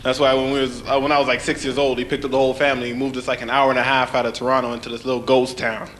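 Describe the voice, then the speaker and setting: On stage at a comedy club, a young male comic fires off his routine at a rapid pace in a medium-pitched voice. The recording is live, with loud crowd noise, as he spins animated stories, imitates voices and keeps saying "man."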